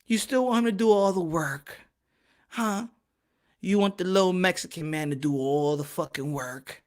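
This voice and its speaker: A man's voice: sits high, normal speed, a little mellow. Heated, profane man ranting on a boxing podcast. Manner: heated, profane, hammering repeated rhetorical questions. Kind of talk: solo opinion rant.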